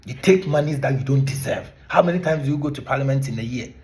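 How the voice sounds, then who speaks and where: A man's voice: medium pitch, fast, a little mellow. A man from Ghana with a Ghanaian accent, a former teacher delivering an impassioned monologue to camera, scolding with repeated rhetorical questions.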